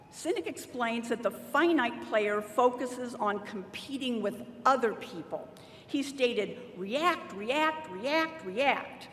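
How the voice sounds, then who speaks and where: A middle-aged woman, a university staff member, giving a motivational commencement address from a podium microphone and drawing cheers from the audience. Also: a little high. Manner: deliberate, motivational, rallies the crowd for call-and-response cheers. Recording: roomy hall with long reverb, faint noise.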